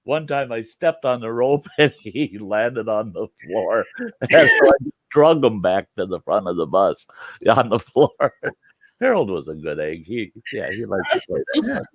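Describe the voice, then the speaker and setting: A man telling a funny story in casual chat, animated, laughing often and swearing freely. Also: lowish voice, measured pace, no echo, lo-fi sound.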